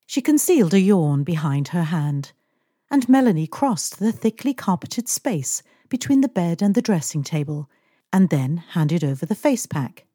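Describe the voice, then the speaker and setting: A woman narrating a romance novel as an audiobook, measured and expressive. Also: fairly low pitch, breathy edge, no room sound, clean studio sound.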